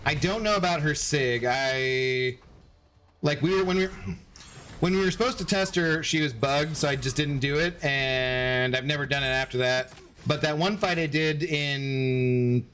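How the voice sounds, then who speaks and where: A man's voice: medium pitch, a bit bright. A man streaming a game, rambling casually and answering viewers' chat messages as he plays. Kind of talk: casual live-stream chat while gaming.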